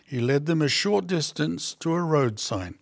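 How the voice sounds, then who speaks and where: A man reads a children's storybook aloud in a slow, unhurried way, his voice gravelly and a little higher than most men's. The sound is dry and close, with no room around it. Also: lively intonation, dry recording. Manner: slow, gentle read-aloud with small character voices. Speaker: storybook reader. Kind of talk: reading a children's picture book aloud.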